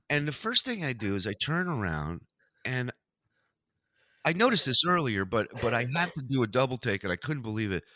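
A man hosting a podcast, telling a story in casual, profane, animated chat. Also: medium pitch, a little fast, no room sound, clean studio sound. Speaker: podcast host.

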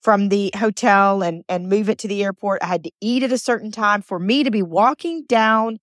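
A woman at a middling pitch hosts a motivational podcast and tells personal stories. She talks in an earnest, chatty way and leans on repeated phrases for emphasis. Her voice sounds close and dry, with no room around it. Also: moderate pace, dry recording. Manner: chatty, personal anecdote telling. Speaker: podcast host.

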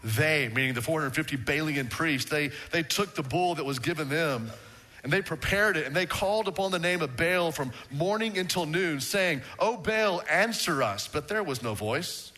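Bright-voiced preacher man. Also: fairly high pitch, moderate pace. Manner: animated preaching with repeated word restarts. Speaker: pastor. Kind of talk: sermon.

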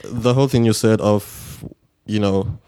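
Relaxed man, somewhat low voice, casual and good-humoured conversation. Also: a little slow, clear, resonant tone. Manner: easygoing, laughs, calls people bro.

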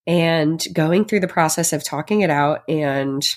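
A woman's voice: sits low, measured pace. A pregnant woman hosting her own podcast, talking in a heartfelt, reflective way, chatty and full of fillers. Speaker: podcast host. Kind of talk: personal solo podcast.

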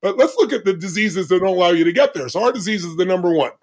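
Gravelly man in his 60s, high for a man, podcast guest, emphatic dramatic storyteller. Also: expressive, fast talker, crowd noise. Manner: emphatic, dramatic storyteller with big swings of pitch. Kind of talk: animated storytelling in conversation.

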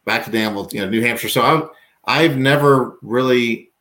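A man's voice: medium pitch, normal speed, fairly bright tone. A man from Virginia, a podcast guest, rambling through casual chat with self-mocking jokes and stammered restarts. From Virginia, US South.

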